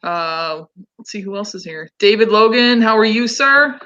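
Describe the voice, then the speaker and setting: A woman's voice: mid-range voice, animated, moderate pace, pushed and bright, muffled recording. A woman hosting a casual livestream, chatting loosely with many ums and restarts. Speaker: host.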